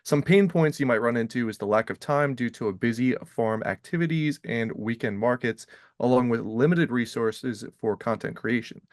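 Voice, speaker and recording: A man's voice: medium pitch, normal speed, no echo, studio quality, lightly acted. A man playing an AI chatbot, reading out an orderly, structured answer in his own voice. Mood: matter-of-fact. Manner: reads a structured answer aloud.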